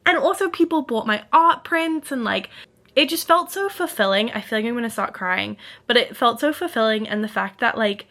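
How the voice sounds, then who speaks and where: A woman's voice: fairly high pitch, moderate pace, bright, forceful tone. A young woman talking to the camera in a casual vlog at home, rambling, laughing and getting emotional, with lots of "like". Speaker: small business artist vlogger. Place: at home, indoors.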